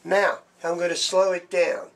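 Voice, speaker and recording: A man's voice: high-pitched, little pitch movement, a little slow, creaky. A man teaching drum strokes, explaining plainly and counting beats aloud as he demonstrates. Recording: loud background noise.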